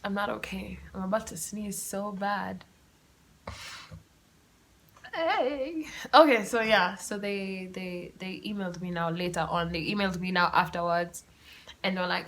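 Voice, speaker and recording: A young woman hosting her own podcast, telling a story in a chatty, animated, self-mocking way. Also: mid-range voice, normal speed. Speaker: podcast host. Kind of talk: casual solo storytelling. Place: room at home with the windows open.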